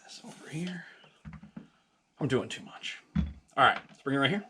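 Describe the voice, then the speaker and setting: A man's voice: medium pitch, lively intonation, moderate pace, heavy background noise. A man hosting a casual home cocktail vlog, chatty and jokey, with lots of fillers and a slightly out-of-breath delivery. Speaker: home cocktail video host.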